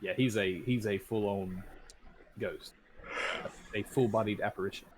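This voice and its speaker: Relaxed game master with a lowish voice. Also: male voice, normal speed, noisy background. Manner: relaxed, hesitant with frequent ums. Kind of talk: narrating a tabletop game.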